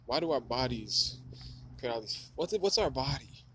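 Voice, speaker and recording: A man's voice: medium pitch, lively intonation, moderate pace, sharp tone, a little hiss or hum, rough recording. A man rambling in a stream-of-consciousness monologue, musing and swearing, with lots of filler words. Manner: profane, musing, heavy on filler "like". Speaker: vlogger. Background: running water.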